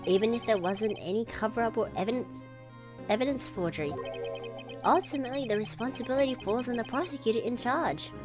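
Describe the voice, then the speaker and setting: A woman voicing a stern older police chief in a game, reading his lines in a measured, lecturing way over background music. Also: a little high, lightly acted.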